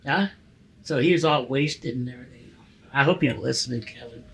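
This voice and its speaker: A man in his sixties, a podcast guest, telling profane, animated stories in casual conversation and acting out the dialogue. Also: medium pitch, a little fast, gravelly, poor audio. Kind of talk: casual storytelling interview.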